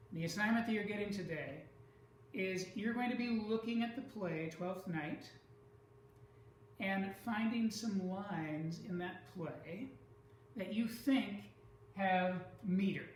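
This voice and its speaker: Slow careful teacher explaining poetry, sounds far from the mic in a really echoey room. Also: mid-range voice, slight background noise. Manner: slow, deliberate, stresses syllables aloud. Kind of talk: classroom lesson on poetry.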